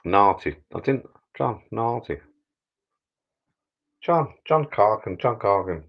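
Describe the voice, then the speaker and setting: Rambling middle-aged bloke, deep. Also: male voice, expressive, takes it slowly, gravelly, highs cut off. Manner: rambling, jokey, repeats words. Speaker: live stream host. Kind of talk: casual live stream chat. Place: backyard garden bar shed.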